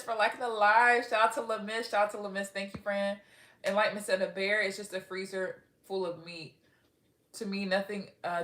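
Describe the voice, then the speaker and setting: A woman's voice: mid-range voice, fairly bright tone, echoey room. A young woman from Texas casually chatting on a livestream, reading viewer comments aloud and often giggling. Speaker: livestream host.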